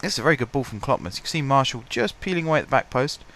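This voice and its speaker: A man's voice: medium pitch, expressive, very fast, a bit bright. Stuffy-voiced man commentating a game. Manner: chatty, self-deprecating, clears his throat often. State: stuffy, blocked-up voice. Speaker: gaming commentator. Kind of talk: casual let's-play commentary.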